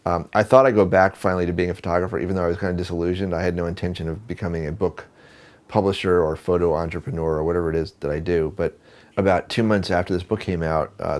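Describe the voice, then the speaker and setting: A photographer telling a story in an interview, speaking conversationally with fillers and restarts. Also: male voice, low-pitched, fast. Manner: animated, acts out quoted dialogue. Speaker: photographer and book producer.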